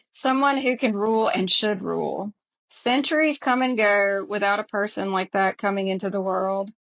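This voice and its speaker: A woman's voice: mid-range voice, vocal fry, fairly bright tone, poor audio. A woman with a Southern American accent co-hosting a casual podcast chat, getting emotional as she quotes favorite lines. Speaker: podcast co-host.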